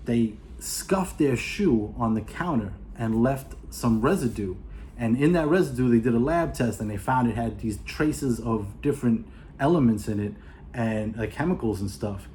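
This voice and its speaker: A man with a mid-range, mellow voice casually retells a movie plot for his video review, with a little hiss or hum in the background. He rambles, filling gaps with "you know" and "uh," and acts out the characters' lines in quick asides.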